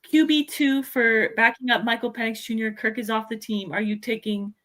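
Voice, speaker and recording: Bright teasing woman co-host. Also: fairly high pitch, fairly even intonation, normal speed. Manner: teasing, direct questions. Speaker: podcast co-host. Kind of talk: casual sports podcast chat.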